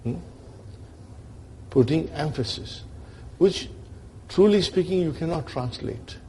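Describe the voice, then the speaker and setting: A man's voice: fairly high pitch, animated, takes it slowly, creaky, mellow, slight background noise. A man teaching an Arabic grammar lesson to a class, checking in with his students often and acting out the grammar as characters.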